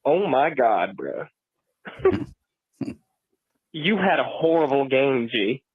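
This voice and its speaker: A man's voice: mid-range voice, very animated, slow pace, slightly rough, no room sound. A man co-hosting a sports podcast, ranting and swearing in exasperation about his team. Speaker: podcast co-host. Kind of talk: heated sports reaction rant. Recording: dry tinny phone-like audio.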